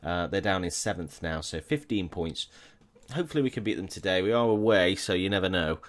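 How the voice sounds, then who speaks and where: Brief: deep-voiced gaming commentator, chatty, wry, self-correcting. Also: male voice, expressive, brisk. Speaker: gaming YouTuber. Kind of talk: casual game commentary.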